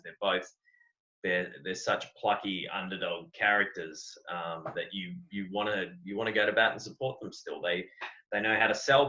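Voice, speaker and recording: A man's voice: sits low, bright, forceful tone. An Australian man, a wrestling coach, speaking earnestly and reflectively as a podcast guest, often repeating words as he thinks. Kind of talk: podcast interview. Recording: dull lo-fi audio.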